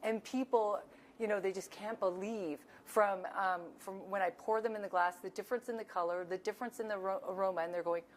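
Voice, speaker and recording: A woman who serves at a winery tasting bar, telling lively stories and acting out her customers' voices. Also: medium pitch, a little fast, slight background noise. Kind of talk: anecdotal storytelling.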